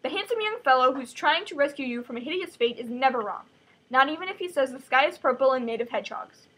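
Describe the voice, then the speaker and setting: A woman's voice: high voice, expressive, quick pace, fairly bright tone, slightly rough, heavily acted. A woman voicing a boastful, flippant seventeen-year-old British boy who rambles on. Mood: smug.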